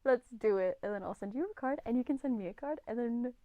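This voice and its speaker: A woman's voice: a little high, animated, fast, no echo, phone-quality sound. Gushing, rambly young woman host. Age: 20s. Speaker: podcast co-host. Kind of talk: casual solo podcast chat.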